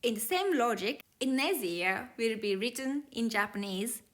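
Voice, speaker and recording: A woman's voice: a little high, expressive, moderate pace, a bit bright. A woman teaching Japanese grammar to learners, explaining each step carefully in plain, slightly non-native English.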